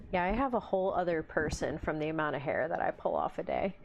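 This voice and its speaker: A woman's voice: low voice, lively intonation, moderate pace, vocal fry, highs cut off, slight background noise. A woman hosting a live hobby stream, chatting casually while she paints, answering viewers and talking to her pets. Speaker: livestream host.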